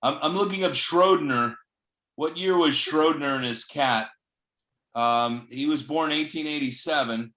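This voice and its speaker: Male discussion leader, upbeat and eager, a bit high-pitched, video call. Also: measured pace, fairly bright tone. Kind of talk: casual group discussion.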